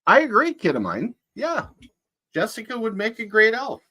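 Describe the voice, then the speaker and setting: A man playing Santa Claus, chatting to children in a rambling, folksy way with a husky voice. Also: high-pitched, wildly swooping pitch, moderate pace, pushed and bright, exaggerated voice. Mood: jolly. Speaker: Santa performer greeting children. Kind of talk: casual in-character chat.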